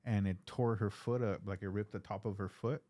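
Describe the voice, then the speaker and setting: A man with a lowish voice who talks fast and loose, swearing freely as he tells stories on an interview show. The sound is dry and close, with no room around it. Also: steady tone, mellow, no echo. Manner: laid-back storytelling with lots of swearing and acted-out quotes. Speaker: podcast host. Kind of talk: casual interview chat.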